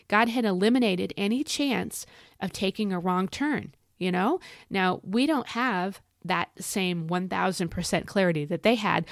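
Chatty, gravelly woman teaching Scripture. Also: medium pitch, no room sound, studio quality. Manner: chatty, folksy, repeats phrases for emphasis. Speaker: podcast host and Bible teacher. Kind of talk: casual devotional teaching. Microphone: home recording.

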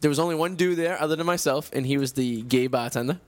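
A man's voice: fairly high pitch, fast talker. A man in his thirties, co-hosting a casual radio talk show and telling rambling, profane stories. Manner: rambling storyteller, swears a lot. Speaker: co-host.

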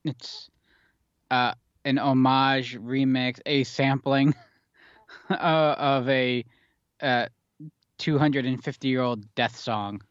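A man's voice: mid-range voice, fairly even intonation, slow pace, long pauses, clear, resonant tone, no room sound, muffled recording. A man co-hosting a podcast, chatting casually with laid-back short replies and dry asides. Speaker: podcast co-host. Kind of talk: casual chat.

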